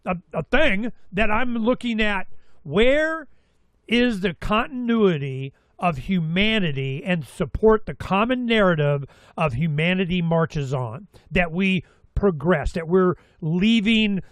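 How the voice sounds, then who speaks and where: A man's voice: high-pitched, takes it slowly, no echo. A middle-aged man hosting a talk show, telling rambling stories with quoted asides and the odd curse. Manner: animated storytelling with quoted asides and mild cursing. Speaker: radio show host.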